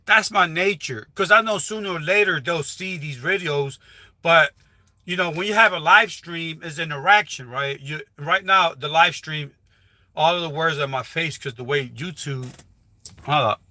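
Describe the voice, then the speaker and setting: Man, high and bright-toned, rambling casual livestream advice, dry close phone sound. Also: moderate pace, dry recording. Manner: rambling, repetitive, with frequent restarts. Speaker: livestreaming YouTuber. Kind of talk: casual live stream advice talk. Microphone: phone held while livestreaming.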